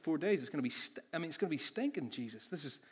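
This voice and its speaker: A woman's voice: deep voice, expressive, rapid-fire, slightly rough, exaggerated voice. A man voicing an exasperated, sensible grieving sister who protests in disbelief. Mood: incredulous. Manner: incredulous, protesting.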